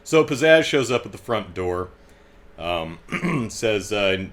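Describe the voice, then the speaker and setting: A man's voice: fairly low pitch, unhurried, a bit bright. A middle-aged man hosting a casual commentary, chatting with frequent fillers and restarts and wry, amused asides. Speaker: host reading and discussing comics.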